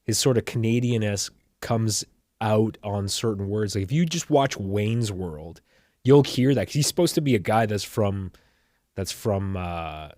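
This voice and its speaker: A man with a somewhat low voice co-hosting a casual podcast as its producer. He tells stories in a relaxed, conversational way, and the recording is dry and close. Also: normal speed, no room sound. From United States. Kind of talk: casual chat.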